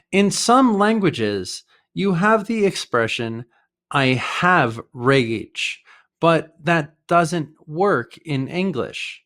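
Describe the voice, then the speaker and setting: Slow, lively American man teaching. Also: a little high. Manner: slow, clear teaching delivery with short acted example dialogues. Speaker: English teacher. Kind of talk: vocabulary lesson with acted dialogues.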